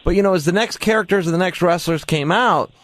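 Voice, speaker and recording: A man's voice: high-pitched, fast, fairly bright tone, dry recording. A man interviewing a guest, phrasing carefully with hesitant repeats. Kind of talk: podcast interview.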